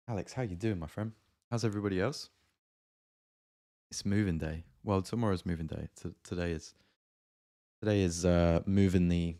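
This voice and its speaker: A man hosting a relaxed livestream, chatting casually and greeting viewers by name from his home studio. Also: low-pitched. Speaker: music producer hosting a livestream. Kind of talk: casual live-stream chat.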